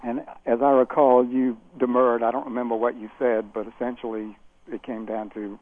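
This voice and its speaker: A man's voice: mid-range voice, little pitch movement, normal speed. An older man phoning in to a radio show, recalling the past in a friendly way. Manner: friendly, recollecting. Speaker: caller. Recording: tinny phone line.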